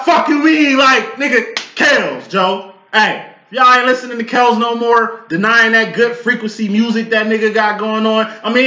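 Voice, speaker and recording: A man in his late thirties talks through a tarot spread in loose, profane tangents. His voice sits high and sounds sharp and forceful, bursting into loud outbursts, with a roomy echo around it. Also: lo-fi sound. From Chicago. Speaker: tarot reader. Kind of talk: casual tarot reading talk.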